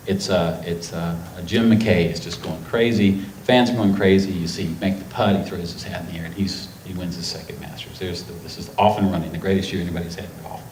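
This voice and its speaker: A man's voice: deep voice, steady tone, fairly quick, hardly any pauses, a little mellow. A middle-aged man from North Carolina, an author telling anecdotes to a festival audience, rambling and emotional, acting out quotes. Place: festival stage before a live audience. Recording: echoey hall with faint noise.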